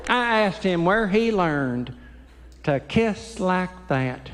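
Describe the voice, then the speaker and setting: A man, a Christian comedian doing folksy, animated stand-up storytelling. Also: high voice, slow, a little hiss or hum. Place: church hall. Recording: echoey hall, faint ambience.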